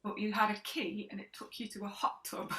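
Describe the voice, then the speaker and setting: Woman, co-host; bright, giggly storyteller who trails off and restarts. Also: medium pitch, flat delivery, brisk, slight background noise, rough recording. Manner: laughs often, trails off and restarts. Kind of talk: casual chat.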